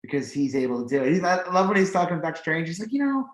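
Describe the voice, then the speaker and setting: A man's voice: a little high, very fast. Guy co-hosting a podcast, rambles a lot with likes and ums, roomy echo. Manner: rambling, filler-heavy, animated when excited. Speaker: podcast co-host. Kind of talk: casual chat. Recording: echoey room.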